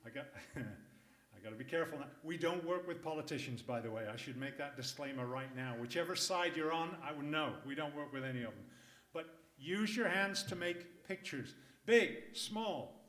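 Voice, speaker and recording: Animated man coaching a live room. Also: fairly high pitch, moderate pace. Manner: lively, emphatic, jokey asides. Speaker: public speaking coach. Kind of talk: workshop talk to a live audience. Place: conference room. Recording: echoey room.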